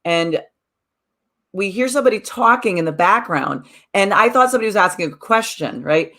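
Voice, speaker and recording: A woman's voice: mid-range voice, animated, moderate pace, a bit bright. A woman co-hosting a podcast and teacher of mindfulness workshops, telling a story in casual chat and acting out the people she quotes.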